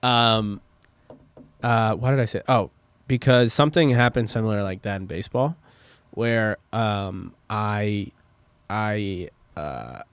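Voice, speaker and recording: A young man co-hosting a podcast, talking in loose, rambling stories packed with fillers and swearing. His voice sits on the low side, and the close mic is completely dry, with no room sound around him. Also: takes it slowly, clean tone, dry recording. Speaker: podcast co-host. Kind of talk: casual chat.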